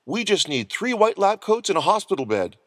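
A man's voice: sits high, sing-song, brisk, fairly bright tone, no echo, studio quality, voice pushed up, exaggerated voice. A man voicing a nervous, scheming young man in a storybook reading, often whispering.

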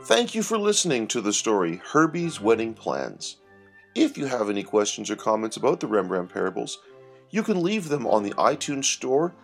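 A man narrating a scripted story in a measured, expressive reading. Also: medium pitch, soft background music.

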